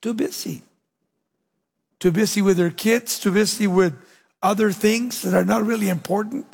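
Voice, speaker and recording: Male preacher with a high, husky voice, emphatic peaks falling to near-whispers, long church reverb. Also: steady tone, moderate pace. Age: young adult. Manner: dramatic swings between loud emphatic lines and low hushed endings. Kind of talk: sermon.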